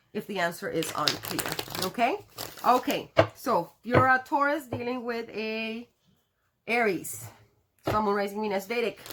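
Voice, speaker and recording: A woman's voice: medium pitch, noisy background. A woman reading tarot cards to her viewers in a casual, chatty way, laughing often and cursing now and then. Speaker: tarot reader.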